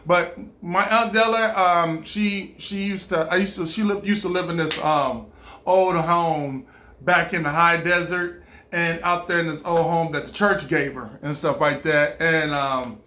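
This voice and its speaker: A man talking in a rambling, casual monologue, animated and stammering, often laughing and breaking into playful impressions. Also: on the high side, unhurried, echoey room, slight background noise.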